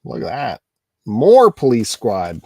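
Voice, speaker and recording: A man co-hosting a live stream show, talking through his finds in a relaxed, matter-of-fact way. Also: medium pitch, takes it slowly, creaky, no echo. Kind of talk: casual chat.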